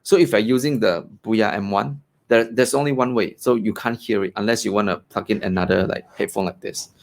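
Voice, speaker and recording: A man's voice: lowish voice, gravelly. A man casually reviewing a USB desk mic at his home desk, chatty, with many fillers and a habit of tagging "right?" onto his points. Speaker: tech reviewer. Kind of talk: casual product demo. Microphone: desk USB condenser mic.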